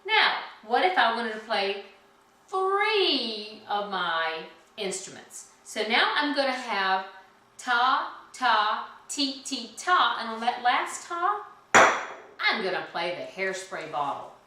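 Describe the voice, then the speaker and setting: Slow, cheerful woman teaching music. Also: a little high, very animated, bright, forceful tone. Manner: cheerful and slow, chants rhythm syllables. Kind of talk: children's music lesson. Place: indoor room at home. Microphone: camera some distance away. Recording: very echoey room, mic far off, noisy.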